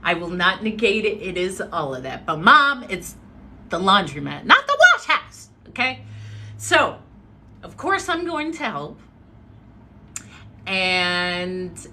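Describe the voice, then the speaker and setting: A woman hosting a livestream, telling a story casually with dramatic swings between loud and hushed. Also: on the low side, slight background noise. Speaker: social media host.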